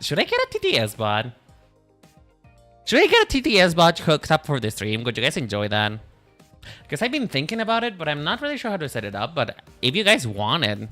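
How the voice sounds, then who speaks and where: A man chatting live with his stream viewers in a casual, animated way, swearing freely, laughing often and talking straight to chat. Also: mid-range voice.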